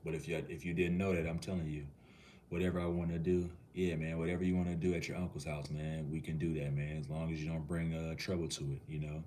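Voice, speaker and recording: A man's voice: extremely low pitch, little pitch movement, fast talker, warm tone, slight background noise. A man from Minneapolis, Minnesota, chatting casually on a livestream and answering viewers' comments in a laid-back, easygoing way. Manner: laid-back, easygoing, talks to the chat like a cool uncle.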